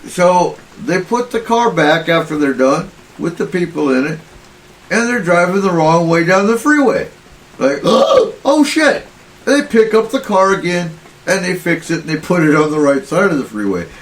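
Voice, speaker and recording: A man's voice: on the high side, lively intonation, moderate pace, poor audio. A man hosting a casual paranormal radio roundtable, joking and laughing often, often stumbling over his first words. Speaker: host.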